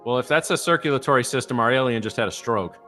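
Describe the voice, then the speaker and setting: A man with a bright, forceful voice coaching traders on a live show. He talks casually, restarting words and checking in with the audience as he goes. Faint music plays behind him. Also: medium pitch, fast. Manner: advising, repeats words, asks "right?". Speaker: co-host and trading coach. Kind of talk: casual explanatory talk.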